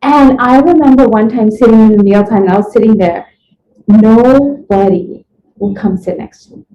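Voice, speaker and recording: A woman's voice: on the high side, moderate pace, slight background noise. Woman telling a rambling personal story. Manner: rambling, animated retelling with acted-out quotes. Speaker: interviewee. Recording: echoey room, dull lo-fi sound.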